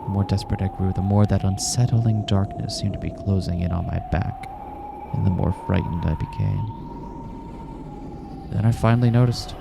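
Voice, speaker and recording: A man's voice: low voice, normal speed, gravelly, heavy background noise. A man reading a visual novel aloud, voicing a terrified young man trapped in a room, tense and close to panic. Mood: uneasy. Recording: music playing behind.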